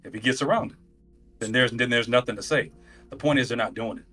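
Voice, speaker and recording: A man co-hosting a casual stream chat, mocking and emphatic with drawn-out jabs. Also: medium pitch, fairly bright tone, faint music behind. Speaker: co-host on stream.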